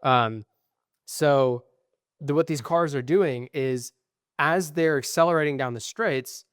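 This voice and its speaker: A man's voice: on the high side, takes it slowly, clear, resonant tone, no room sound, clean studio sound. A young man co-hosting a podcast in casual chat, ranting in a profane, frustrated way. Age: young adult. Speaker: podcast co-host.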